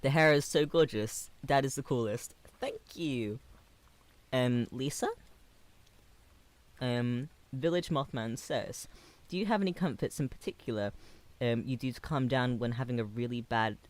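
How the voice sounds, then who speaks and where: A man in his twenties, a livestreamer reading chat aloud in a gentle, affectionate way with hesitant pauses. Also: mid-range voice. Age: 20s.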